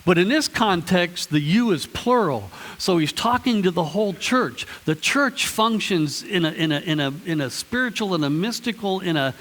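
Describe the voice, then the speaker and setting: A man's voice: sits high, animated, normal speed, hardly any pauses, a bit bright. Chatty preacher man in a reverberant church. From Ohio, US. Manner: conversational, chatty preaching with restarts and playful asides to the congregation. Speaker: pastor. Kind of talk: sermon. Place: church sanctuary.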